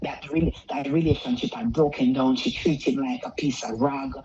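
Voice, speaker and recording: A woman's voice: very deep voice, normal speed. A middle-aged woman telling her story as a caller, acting out what was said and sometimes dropping to a near-whisper. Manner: animated, quotes dialogue, drops to near-whisper at times. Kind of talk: casual storytelling. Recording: dull lo-fi sound with faint noise.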